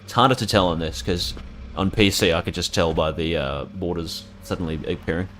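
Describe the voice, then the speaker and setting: A man with a low, deep voice giving casual commentary while he plays a game. He rambles and chats, now and then swearing, with faint noise in the background. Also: fairly quick, a bit bright. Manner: rambling, chatty, casually profane. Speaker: streamer.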